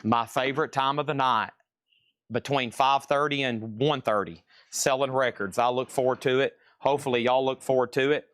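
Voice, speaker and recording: A man hosts a live-streamed record sale with auction patter, chatting and joking like a salesman while calling out prices and buyers. His mid-range voice is fairly bright and fairly even in intonation at a moderate pace. The recording is dry and studio-clean.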